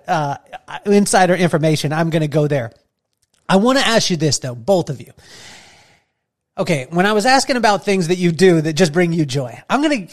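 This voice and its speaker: High-voiced jokey male podcast host. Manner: jokey, storytelling, laughs often. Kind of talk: casual interview chat.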